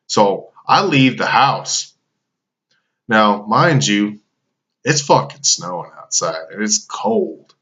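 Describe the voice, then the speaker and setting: Swearing man with a bright, low voice. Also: animated, slow pace, dull audio. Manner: loose, swearing, full of fillers. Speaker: storyteller. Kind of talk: casual profane anecdote.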